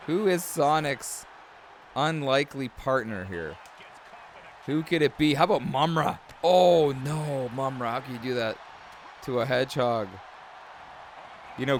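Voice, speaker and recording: A man hosting his own channel, giving excitable play-by-play commentary on a simulated wrestling match and often calling the viewer "brother". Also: mid-range voice, slight background noise. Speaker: YouTube host.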